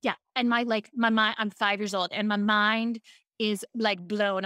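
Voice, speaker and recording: A woman's voice: medium pitch, measured pace, clear, resonant tone, no room sound, clean studio sound. A woman from Baltimore, a speaking coach, telling stories in a casual podcast interview and acting out quotes. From Baltimore, USA. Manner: animated storytelling, acts out quotes.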